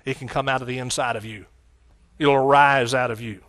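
A middle-aged man with a Texan accent delivers a sermon at a fairly quick pace. His mid-range voice holds a steady tone as he exclaims hallelujah and swings from loud outbursts to hushed asides.

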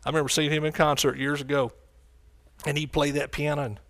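A man's voice: fairly high pitch, flat delivery, quick pace, fairly bright tone. A man preaching a sermon with fervent energy, calling out to his congregation for responses.

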